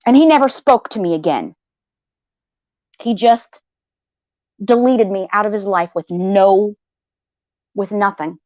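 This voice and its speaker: A woman venting to her livestream viewers, blunt and heated, swearing freely and circling back to the same phrases. Her voice sits at a middling pitch. The audio is slightly dull and dry. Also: animated, a little slow, long pauses, a little mellow, no echo. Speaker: livestream host. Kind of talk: venting personal story to viewers.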